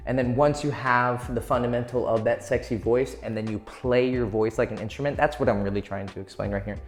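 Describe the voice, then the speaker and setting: A man giving casual dating advice to camera, swearing freely and playfully shifting his tone to demonstrate. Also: lowish voice. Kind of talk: casual advice monologue for video.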